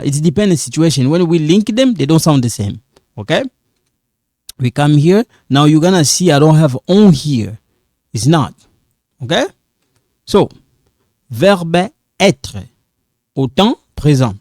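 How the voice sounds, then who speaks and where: A man teaching a grammar lesson, slow and repetitive, checking in often with "okay?". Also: a little high, lively intonation, darkish tone, dry recording, studio quality. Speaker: French teacher.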